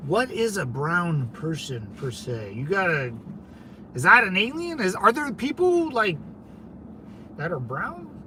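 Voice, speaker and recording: A man's voice: high-pitched, big pitch swings, measured pace, sharp tone, slight background noise. A man from California hosting a casual livestream, rambling conversationally and talking back to his viewers, with lots of "man" and "dude". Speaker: livestream host.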